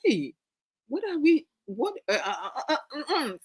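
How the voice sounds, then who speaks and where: A woman's voice: fairly high pitch, sing-song, moderate pace, husky. A woman with a Ghanaian accent hosting a casual live-stream chat, playful and chatty, reading out viewer comments and mixing in Twi phrases. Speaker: host.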